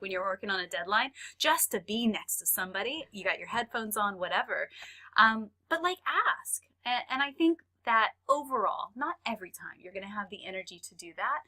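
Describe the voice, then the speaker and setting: A woman from Texas with a Texan accent, telling stories in a casual podcast conversation and laughing often. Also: medium pitch. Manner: animated storyteller, laughs often. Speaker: podcast guest.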